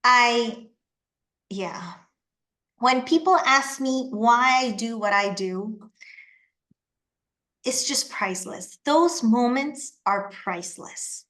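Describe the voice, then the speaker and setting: A woman from Panama, presenting a webinar and telling lively personal anecdotes. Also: fairly high pitch, slow pace. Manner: animated storytelling, acts out quoted voices.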